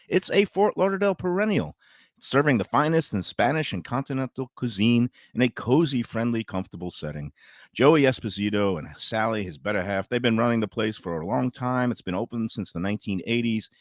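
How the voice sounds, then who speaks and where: A man from Brooklyn, a food show host reading restaurant ads in a lively, upbeat pitchman style and chatting at the table. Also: a little fast, no echo, studio quality. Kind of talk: read restaurant ads, then casual table chat.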